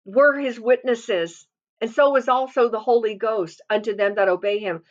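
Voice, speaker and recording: A woman's voice: a little high, normal speed. A woman preaching a sermon, earnestly quoting and explaining scripture with emphatic delivery. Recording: muffled lo-fi recording.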